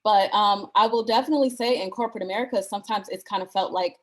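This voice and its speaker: A woman from Michigan speaking as a panelist, thoughtful and measured, with frequent pauses. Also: mid-range voice, poor audio. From Flint, Michigan. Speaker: alumna panelist. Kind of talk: panel discussion.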